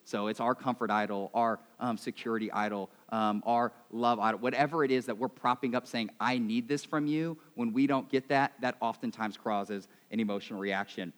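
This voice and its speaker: Joking preacher in a big reverberant hall. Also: male voice, mid-range voice, fairly even intonation, moderate pace, few pauses. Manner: conversational, self-mocking, swings between loud and quiet. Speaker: pastor. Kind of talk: sermon.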